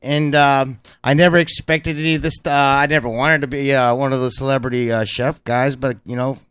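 A man's voice: mid-range voice, little pitch movement, brisk, a bit bright, clean tone, no room sound. A middle-aged man from Southern California hosting a speed cooking show, rambling and brash with lots of fillers. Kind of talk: fast casual cooking talk.

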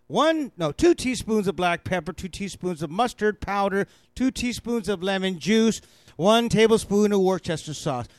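A man hosting a radio cooking show, talking fast and rambling with a self-mocking tone. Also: high-pitched, dry recording. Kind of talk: fast casual radio chat.

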